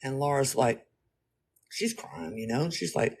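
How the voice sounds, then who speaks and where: A man talking casually, telling a story in an animated, slangy, rambling way and speaking straight to his listeners. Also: medium pitch, unhurried, slightly rough.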